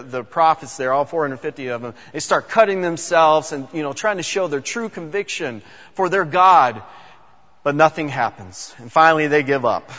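Male preacher, relaxed Bible storytelling, slightly high voice, reverberant hall, muffled recording. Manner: conversational, repeats words, uses fillers. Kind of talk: casual Bible storytelling sermon. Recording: dull sound with long hall reverb.

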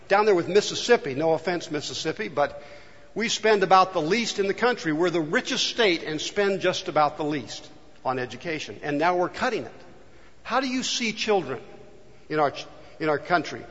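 A man's voice: on the high side, expressive, normal speed, a bit bright. A man from California preaching a sermon, earnestly asking the congregation rhetorical questions. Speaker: pastor. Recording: dull, long reverb in a hall.

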